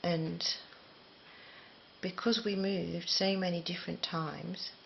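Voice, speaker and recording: A middle-aged woman from the talks through a crochet tutorial in a rambling, self-deprecating way. Her voice sits low with a gravelly fry, and the recording sounds a little dull and lo-fi. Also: flat delivery, slow pace, a little hiss or hum. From England. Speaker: crochet teacher. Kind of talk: casual spoken tutorial.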